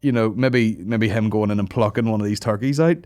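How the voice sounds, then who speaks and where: A man's voice: fairly low pitch, fairly quick, darkish tone, no echo, studio quality. A man hosting a comedy podcast, telling rambling sweary stories in casual banter. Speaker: podcast host.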